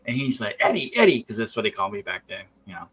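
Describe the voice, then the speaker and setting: A man's voice: lowish voice, very fast, breathy edge, rough recording. A man hosting a drawing stream, telling a rambling story with casual swearing. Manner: rambling, profane, animated. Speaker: stream host.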